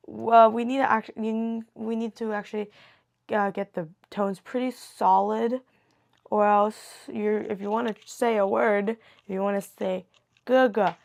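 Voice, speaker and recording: A woman teaching a beginner language lesson in a slow, patient way, muttering and correcting herself as she writes. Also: medium pitch, vocal fry, a little mellow. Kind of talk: casual beginner lesson, writing on board.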